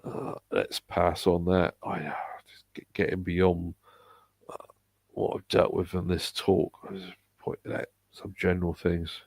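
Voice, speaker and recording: A man with a Bristol English accent, hosting a live stream and reading out viewer comments in a hesitant, halting way with frequent restarts. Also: sits low, level tone, darkish tone, no room sound. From England.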